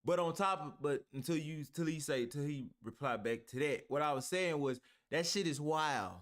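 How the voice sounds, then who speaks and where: A man's voice: on the high side, normal speed, a bit bright. A man reacting to a clip, heated and argumentative, talking with heavy profanity. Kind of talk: ranting reaction commentary.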